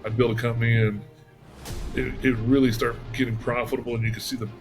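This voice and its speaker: A man being interviewed as an entrepreneur and mentor, telling stories in a relaxed way with restarts and chuckles. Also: mid-range voice, quick pace, faint music behind. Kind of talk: casual interview talk.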